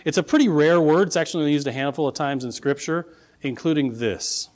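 A man preaching a sermon, telling a story with acted-out voices and building to forceful declarations. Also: on the high side, brisk. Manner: animated storytelling, acts out quoted voices. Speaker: pastor.

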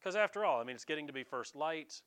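A man's voice: a little high, expressive, fast talker, a bit bright, clean tone. An American man preaching a sermon in a casual, conversational way, now and then mimicking regional accents. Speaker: pastor.

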